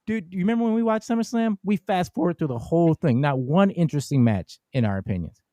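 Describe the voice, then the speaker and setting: A man's voice: fairly high pitch, lively intonation, fast talker, dark tone, dry recording. A man co-hosting a casual podcast chat, reading listener comments aloud in a wry, chatty way. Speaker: co-host.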